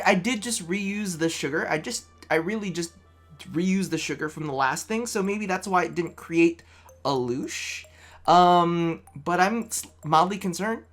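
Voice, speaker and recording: A man's voice: sits high, a bit bright. A man vlogging casually to camera from his apartment, a little tipsy, rambling, chatty and swearing freely. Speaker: vlogger host.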